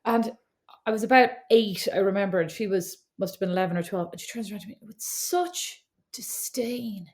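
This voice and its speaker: A woman's voice: medium pitch, lively intonation, normal speed, a little mellow. A middle-aged Irish woman co-hosting a podcast, chatting casually, teasing and telling stories. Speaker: podcast co-host. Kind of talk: casual chat. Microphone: remote recording setup.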